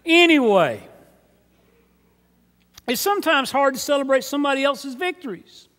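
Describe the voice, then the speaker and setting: High-voiced pastor preaching in a reverberant church. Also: male voice, lively intonation, normal speed, a bit bright. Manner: earnest, repeats words when starting phrases. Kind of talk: sermon. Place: church sanctuary. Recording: long hall reverb.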